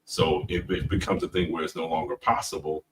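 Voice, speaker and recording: A man with an extremely deep voice talks through faith questions in a reflective, easygoing way, laughing now and then. He sits a little back from the mic, with a faint hum of room noise behind him. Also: steady tone, brisk, recorded from a distance. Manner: reflective, quotes scripture, laughs easily. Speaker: podcast co-host. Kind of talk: casual faith-based discussion.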